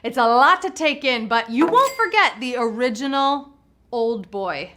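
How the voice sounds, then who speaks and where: A woman's voice: on the high side, expressive, unhurried, bright, forceful tone, a little hiss or hum. A woman hosting a live trivia game show, exuberant and playful, joking with the players as she reads out questions and answers.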